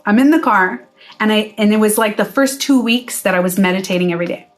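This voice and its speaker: A woman's voice: mid-range voice, quick pace. A woman wellness coach talking casually to her viewers, candid and swearing freely as she acts out her own reactions. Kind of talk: casual live-stream talk to viewers. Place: indoors, playing music in the background.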